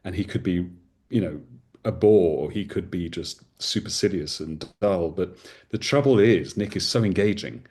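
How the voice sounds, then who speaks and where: Deep-voiced man telling stories enthusiastically. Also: moderate pace, a little mellow. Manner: expansive, enthusiastic storyteller. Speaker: podcast host as guest. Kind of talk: casual conversation.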